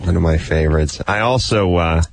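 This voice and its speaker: A man's voice: low voice, fairly quick, slight background noise. Dry-joking male radio host. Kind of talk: casual radio banter.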